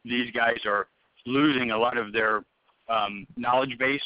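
A man's voice: medium pitch, steady tone, a little slow, clear, resonant tone, dry recording. Rambling man interviewing over the phone. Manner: loose, rambling, many fillers and restarts. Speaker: hiring manager interviewing a candidate. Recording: muffled phone-call audio.

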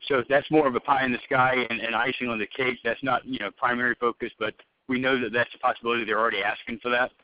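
A man's voice: mid-range voice, level tone, quick pace, dry recording. Casting: man as hiring manager on a call, rambling and casual, dry close sound, slightly dull phone audio. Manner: loose, rambling, many fillers and restarts. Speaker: hiring manager interviewing a candidate. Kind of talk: phone job interview.

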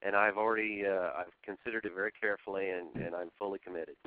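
A man interviewing for a job over the phone, earnest and halting, often restarting his sentences. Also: low-pitched, fairly even intonation, no echo. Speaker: job candidate. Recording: tinny phone line.

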